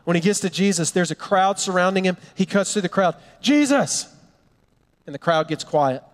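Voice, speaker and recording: A man preaching a sermon, telling a Bible story with animated storytelling and acting out the characters' lines. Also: high voice, a little fast, in a large hall. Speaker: pastor.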